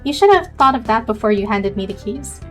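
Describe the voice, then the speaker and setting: Girl reading a deadpan cafe owner lady, blunt and dry. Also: a little high, brisk, soft background music. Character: gruff sardonic woman café owner.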